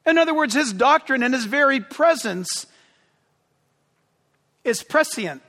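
Pastor, male, impassioned sermon delivery, very high and bright voice, in a reverberant hall. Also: unhurried. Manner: impassioned, yelling with excitement.

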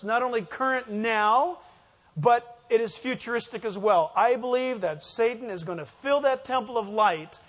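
Male pastor, high voice, emphatic sermon style, asks the room to finish his sentences. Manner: emphatic, asks the congregation fill-in questions. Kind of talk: sermon, verse-by-verse Bible teaching.

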